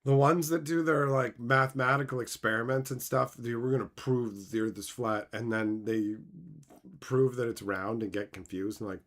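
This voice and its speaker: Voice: medium pitch, fairly even intonation, normal speed, a bit bright. A streamer reacting to chat in casual talk, sarcastic and mocking, swearing often and laughing between remarks. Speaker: streamer reading chat aloud.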